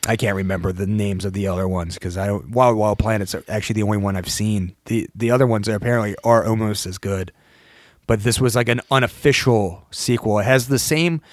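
A man's voice: lowish voice, no room sound. Rambling enthusiastic man, dry sound. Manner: rambling, enthusiastic, many restarts. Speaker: podcast host. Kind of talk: casual film discussion.

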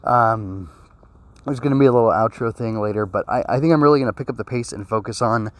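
A man's voice: mid-range voice, quick pace, dry recording. Rambling man with a sore throat. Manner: rambling, full of fillers and restarts; earnest and emotional. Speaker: anime episode reviewer. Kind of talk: casual spoken review.

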